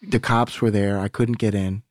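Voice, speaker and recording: Podcast guest: a man with a lowish voice and a dry, close sound, telling his story candidly and swearing freely. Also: fairly even intonation, moderate pace, no room sound. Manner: candid, rambling, profane, acts out quoted dialogue. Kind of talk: casual storytelling conversation.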